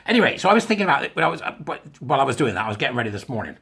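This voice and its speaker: Husky, lively man rambling to camera. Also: mid-range voice, very fast, few pauses. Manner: chatty, self-mocking, playful. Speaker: online commentator. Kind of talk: casual video monologue. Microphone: camera mic.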